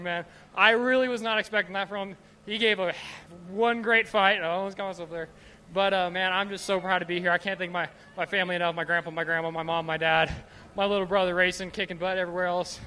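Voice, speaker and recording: A man's voice: high-pitched, steady tone, sharp tone, slight background noise. A young man who just won a race, emotional and out of breath, talking in a stumbling rush in a trackside interview. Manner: rushed, stumbling, repeating words. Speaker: winning race driver. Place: trackside outdoors.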